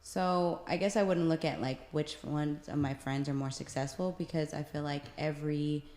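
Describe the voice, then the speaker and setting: A woman guest on a podcast, answering questions in a relaxed way and thinking aloud as she goes. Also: low-pitched, normal speed, echoey room. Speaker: guest actress. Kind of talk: casual chat.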